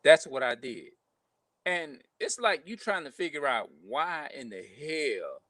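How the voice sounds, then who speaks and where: A man ranting casually to camera, talking rough, profane and repetitive, sounding frustrated. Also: medium pitch, pushed and bright, no room sound. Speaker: vlogger.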